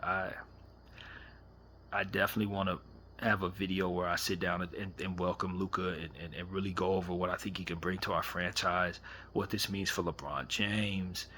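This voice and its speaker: A man's voice: low-pitched, bright, forceful tone, a little hiss or hum. A man hosting a casual late-night fan chat on camera, talking animatedly and rhetorically, often repeating himself. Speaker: fan commentary host.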